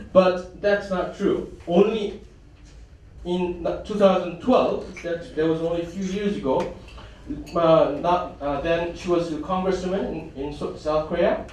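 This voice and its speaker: A man's voice: a little high, darkish tone, far from the mic, slight background noise. A man giving a symposium presentation in a conference hall, hesitant, with many fillers and restarts. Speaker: conference speaker.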